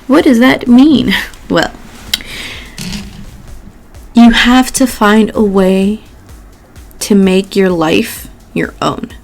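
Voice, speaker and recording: A woman's voice: lowish voice, gravelly. A Mexican woman hosting a casual vlog, chatting while doing her makeup. She talks chattily, swears often, laughs a lot and mixes in Spanish words. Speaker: host and tarot reader.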